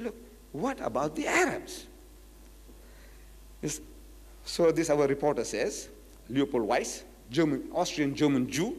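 A South African Islamic lecturer gives a public lecture, reading quotes from a book and driving his point home with emphatic rhetorical questions. His voice is fairly high, and a long reverb tail trails after it.

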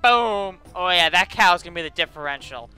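A man giving excited, playful gameplay commentary on a let's play, taunting his opponent and shouting when things happen. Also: high-pitched, normal speed, clean tone, faint music behind. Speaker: gamer doing a let's play.

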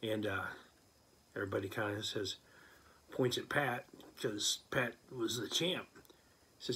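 A man casually telling a story aloud, animated, with many fillers, and he acts out what people said. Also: on the low side, measured pace, long pauses, slight background noise. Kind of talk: casual spoken anecdote.

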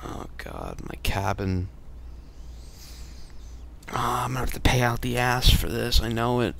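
A man's voice: mid-range voice, measured pace, gravelly, slight background noise. A man giving casual let's play commentary while driving in a game, swearing a lot and flaring up easily. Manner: swears a lot, frustrated and excitable. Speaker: gamer.

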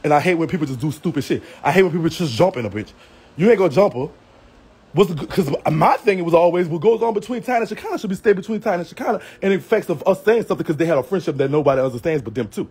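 A man's voice: on the high side, animated, racing, darkish tone, husky. A man ranting on a livestream, brash and profane, trash-talking with a Southern US accent and frequent laughs. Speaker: live streamer. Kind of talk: livestream rant.

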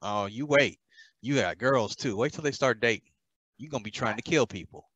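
A man's voice: medium pitch, moderate pace, fairly bright tone, no room sound. A man co-hosting a podcast, teasing his co-host with dry, blunt remarks during casual banter.

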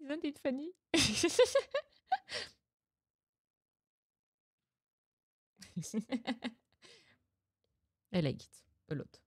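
A woman's voice: a little high, no echo. A young woman with a French accent chatting casually to viewers while streaming a video game, giggling often and reacting aloud. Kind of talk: casual live-stream chat.

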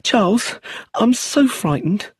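A man voicing a frightened young widow who pleads in a breathy, raised voice. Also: mid-range voice, measured pace, a bit bright, no echo, pitched above the performer's own voice.

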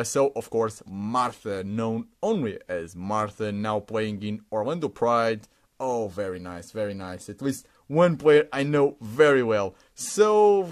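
Man narrating a sticker unboxing. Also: on the high side. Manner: halting, repeats words, stumbles over names, chuckles. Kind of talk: casual unboxing commentary.

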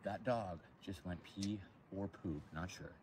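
A man hosting a casual outdoor live stream by a lake, joking and rambling in an animated way. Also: sits low, measured pace, slight background noise.

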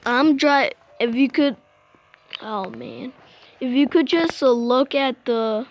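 A woman's voice: a little high, slight background noise. A woman giving casual, rambling gameplay commentary, exclaiming often and restarting her sentences. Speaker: gamer.

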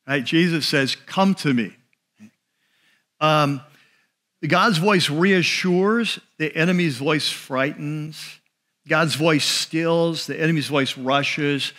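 A male pastor giving a sermon in a conversational way, slowing and dropping his voice on key phrases. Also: on the high side, sharp tone. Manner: conversational preaching with restarts and asides.

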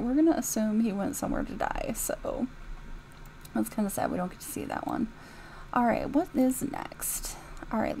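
A woman talks through her gameplay in an easygoing, unhurried way, her voice rising and falling a lot as she chats and giggles at the game. Her tone is mellow with a gravelly edge. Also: on the high side, slight background noise, poor audio. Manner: chatty and giggly, reacting out loud to the game. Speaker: YouTuber reviewing game mods. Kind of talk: casual gameplay commentary.

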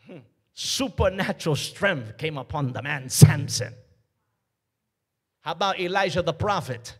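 A male pastor preaching a sermon, emphatic, with call-and-response and sudden loud bursts. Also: a little high, lively intonation, normal speed, husky.

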